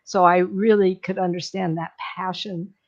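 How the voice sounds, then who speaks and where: A woman's voice: fairly low pitch, flat delivery, normal speed, darkish tone, lo-fi sound. A middle-aged woman, a psychic medium, retelling a film in an enthusiastic, rambling way with many fillers.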